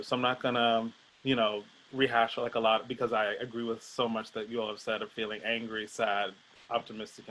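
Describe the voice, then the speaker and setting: Bright-voiced man talking loosely. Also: mid-range voice, a little hiss or hum, poor audio. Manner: relaxed, loose, with fillers. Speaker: panel guest. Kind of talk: casual reflective chat.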